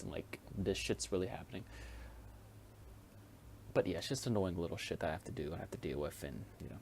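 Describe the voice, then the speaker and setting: Young male podcast host, low-pitched, rambling, profane, casual solo talk. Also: slight background noise. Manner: profane, rambling, chuckles often.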